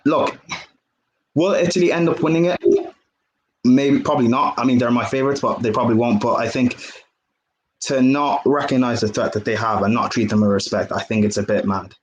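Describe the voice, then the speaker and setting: A man's voice: medium pitch, steady tone, fairly quick, echoey room, slight background noise, low-quality recording. A man calling into a football show, giving blunt, opinionated match analysis. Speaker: caller.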